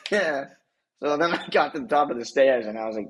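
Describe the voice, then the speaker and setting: A man's voice: medium pitch, animated, a little fast, a bit bright, slight background noise, poor audio. A young man co-hosting a podcast, telling a rambling, self-correcting story in casual chat and laughing at himself. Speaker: podcast co-host.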